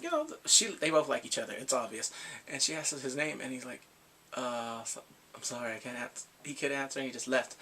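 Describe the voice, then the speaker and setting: A man giving a casual, animated recap of drama episodes, laughing and acting out the characters' lines. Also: on the high side, a little hiss or hum. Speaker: drama reviewer.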